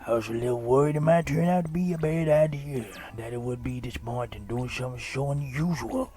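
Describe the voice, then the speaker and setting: A man's voice: mid-range voice, brisk, natural voice. A man voicing an awkward, stilted father in a book reading, speaking stiffly as if on a register. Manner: stiff, flat delivery, as if on a register.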